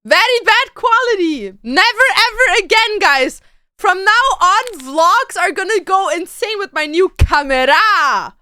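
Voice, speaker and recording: A high-pitched woman with a bright, crisp voice chats casually as a streamer, her showing. She talks slowly and playfully, her pitch leaping around as she exclaims. The sound is dry and close. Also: expressive, no room sound. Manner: playful, exclaims and sings nonsense words. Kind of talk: casual chat while getting ready.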